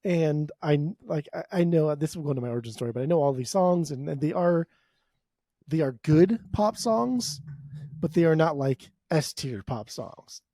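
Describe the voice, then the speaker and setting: A man's voice: a little high, expressive, moderate pace, dark tone, no room sound, clean studio sound. A man co-hosting a podcast, joking playfully and humming bits of tunes in casual chat. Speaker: podcast co-host.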